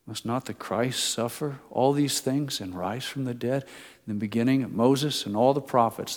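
Storytelling preacher in an echoing hall. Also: male voice, mid-range voice. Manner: storytelling, shifting between loud emphasis and soft slow asides. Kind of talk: sermon. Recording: long hall reverb.

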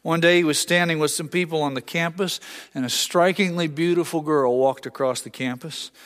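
Earnest preacher in a reverberant hall. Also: male voice, a little high, steady tone, normal speed, a bit bright. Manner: earnest storytelling, acts out voices. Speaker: pastor. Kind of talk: sermon.

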